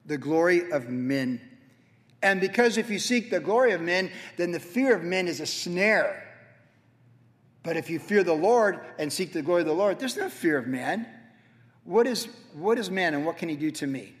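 Man, pastor, sermon, animated storyteller, slightly high voice, long church reverb. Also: moderate pace. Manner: animated storytelling, acts out his own past self. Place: church sanctuary.

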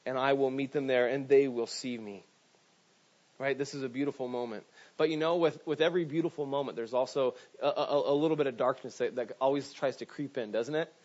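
A male pastor with a medium-pitched, steady, darkish voice preaches fairly quickly in a conversational style. He often repeats words, restarts, and tosses in "right?" asides, and the recording sounds dull and lo-fi.

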